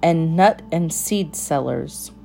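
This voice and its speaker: Slow, gentle woman reading a storybook. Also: sits low, creaky, soft background music. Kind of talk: storybook read-aloud.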